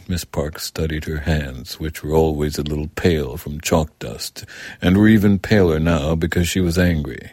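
A man narrating an audiobook in an even, measured reading. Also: rumbling low, dry recording, clean studio sound.

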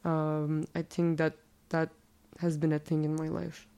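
Low-voiced, slightly nasal Turkish-speaking woman. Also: monotone, measured pace, creaky, warm tone. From Turkey. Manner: chatty, many fillers and self-corrections. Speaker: interviewee. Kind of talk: casual interview answers.

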